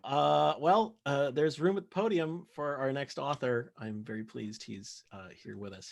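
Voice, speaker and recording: A man's voice: mid-range voice, measured pace, gravelly, few pauses. A man hosting a livestream reading event, chatty and a bit hesitant. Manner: chatty, hesitant, self-mocking. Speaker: host.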